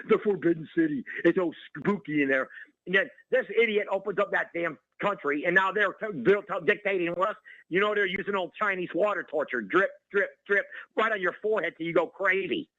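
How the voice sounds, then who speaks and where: A male caller rants on a talk radio show, his voice high and quick. It sounds bright and sharp, dry and close. The sound is dull and lo-fi, like a phone line. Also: no room sound. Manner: ranting, excitable, repeats the host's name. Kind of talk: heated call-in rant.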